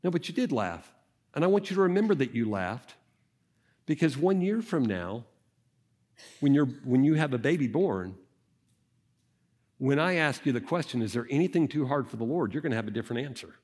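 A man voicing God as a gentle, fatherly male figure who speaks tenderly and reassuringly, straight to the listener. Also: medium pitch, sing-song, fairly quick, long pauses, slightly rough, big-room sound.

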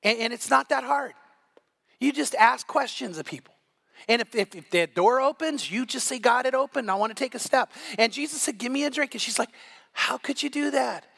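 A man's voice: very high voice, fairly quick, creaky, fairly bright tone. A middle-aged male pastor preaching a sermon, telling stories with quoted dialogue and frequent restarts.

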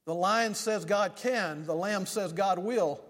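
Older preacher with a high voice in a reverberant hall. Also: male voice, a bit bright. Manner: folksy storytelling preacher, slows for emphasis. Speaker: pastor. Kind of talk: sermon. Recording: long reverb of a large hall.

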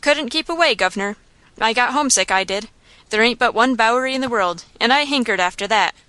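A woman reading a sly, rough saloon keeper. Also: on the high side, animated, brisk, sharp tone, dry recording. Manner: coarse, slangy and sly. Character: rough insolent male saloon keeper, coolly mocking.

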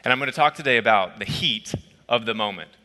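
A man preaching a sermon as a pastor, telling a personal story in a conversational, lively way. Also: medium pitch, fast, big-room sound. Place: church auditorium.

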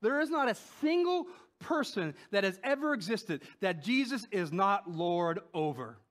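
A man preaching a sermon in a conversational way, often asking "right?", swinging between loud emphatic peaks and soft low asides. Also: sing-song, measured pace. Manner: conversational, with frequent rhetorical "right?".

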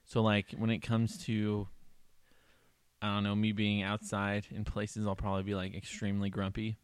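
A man in casual conversation, tossing out playful what-if jokes and rambling stories. His voice sits a bit low, and the sound is close and dry, with no room echo. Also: completely flat delivery, moderate pace, clear, resonant tone. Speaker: co-host. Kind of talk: casual chat.

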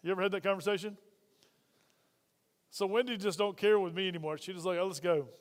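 In a church hall with long reverb, a man preaches a conversational sermon quickly, his voice high-pitched and steady in tone. As pastor, he frequently asks the congregation questions.

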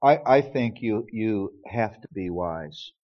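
A man's voice: lowish voice, animated, slow. A man speaking as a pastor, telling a family story in earnest sermon style and acting out the quoted dialogue. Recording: dull lo-fi recording.

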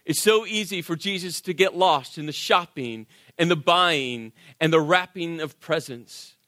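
A man preaching a sermon, telling stories with acted-out voices and sinking to quiet intensity. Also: a little high, a little slow, no echo, studio quality. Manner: animated storytelling, acts out voices, drops to quiet intensity. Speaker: pastor.

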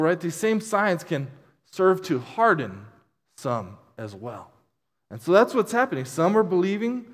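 High-voiced man preaching in a reverberant hall. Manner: animated preaching with many restarts and asides. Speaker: pastor. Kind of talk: sermon.

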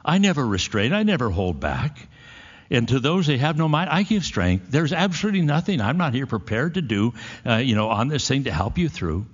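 A man speaking as a husky, mighty God. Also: mid-range voice, sing-song, brisk, voice pushed up. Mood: insistent. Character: God, a tender all-powerful father speaking to believers. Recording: dull echoey hall recording.

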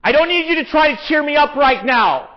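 A man's voice: very high-pitched, animated, fairly quick. A man preaching a sermon in an earnest, conversational way, with emphatic rises. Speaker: pastor. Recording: dull, lo-fi sound.

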